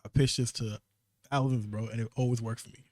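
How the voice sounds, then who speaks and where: Recorded in a podcast studio with no echo, a New York–accented man co-hosting a casual show recounts work stories at a fast, emphatic clip. He keeps restarting his sentences, and his medium-pitched voice stays steady with a darkish tone.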